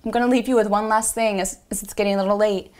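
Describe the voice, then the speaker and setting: A woman's voice: mid-range voice, steady tone, fast, a little mellow. A woman apostle giving a devotional podcast teaching. She is earnest and encouraging, repeats affirmations and talks conversationally with many fillers.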